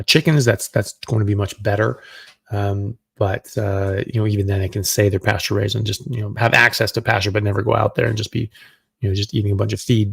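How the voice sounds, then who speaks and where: A middle-aged man with a low, gravelly voice, hosting a live question-and-answer stream as a doctor. He talks loosely and conversationally, thinking aloud as he goes. The sound is dry and close. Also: no room sound.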